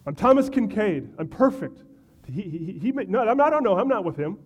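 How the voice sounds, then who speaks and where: A man's voice: big pitch swings, fairly quick, a little mellow, breathy edge, lo-fi sound, full character voice. A man doing a flustered, panicky Peter. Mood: panicked denial. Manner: stammering, panicky, high-pitched. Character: flustered male apostle Peter denying frantically.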